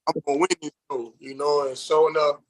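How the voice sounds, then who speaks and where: A man with a voice pitched a little high for his sex recounts his story in a casual interview. He talks in loose, rambling runs full of fillers, slipping into other people's voices when he quotes them. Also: brisk, poor audio. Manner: animated, acts out quoted voices. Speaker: reality show contestant guest.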